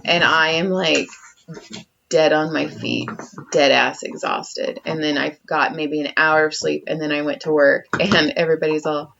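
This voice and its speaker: Low-pitched and gravelly, this female podcast co-host speaks at a normal pace as she spins an animated tale, acting out quotes and cursing heavily. Her casual chat comes through dull lo-fi audio with a touch of background noise.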